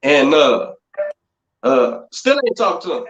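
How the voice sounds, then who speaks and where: A male boxing conditioning coach talking in a blunt, profane, animated way, in a casual podcast chat over a remote call. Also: a little high, slow pace. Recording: echoey, muffled live-stream audio.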